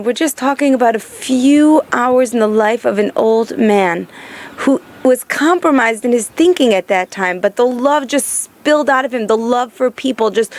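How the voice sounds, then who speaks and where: Earnest woman telling a heartfelt story. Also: medium pitch. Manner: earnest, emphatic, lingers slowly on key phrases. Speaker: storyteller recounting memories of her grandfather.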